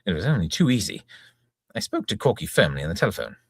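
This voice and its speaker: A man's voice: on the low side, wildly swooping pitch, fast, gravelly, breathy edge, dry recording, studio quality. A man reading a comic novel aloud in breezy first-person narration, chuckling along. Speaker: reader, channel host.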